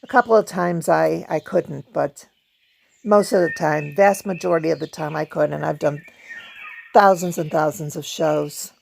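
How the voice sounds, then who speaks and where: A woman talks through a casual review, conversational and loose. Her voice carries a gravelly fry. She chats along with small laughs between thoughts. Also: deep voice, normal speed, darkish tone, slight background noise. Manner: chatty, laughs often, hums song snippets. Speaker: video host; performer. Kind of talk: casual book review vlog.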